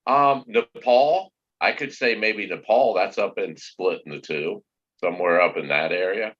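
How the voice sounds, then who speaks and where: A man's voice: lowish voice, a little slow, fairly bright tone, lo-fi sound. A man rambling and joking as a guest in a casual live-stream chat, teasing the host.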